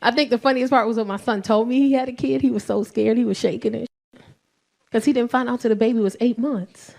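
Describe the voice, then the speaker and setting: A middle-aged woman telling stand-up stories on a comedy stage. Her voice sits high, and she talks in an animated, profane way, acting out the people in her stories. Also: fairly quick, gravelly. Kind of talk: stand-up storytelling.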